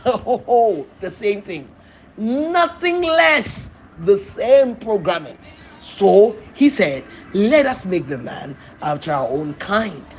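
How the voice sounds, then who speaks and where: Emphatic preacher with sudden shouts. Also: medium pitch, a little hiss or hum. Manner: emphatic, asks the listeners questions and answers them. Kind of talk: teaching sermon episode.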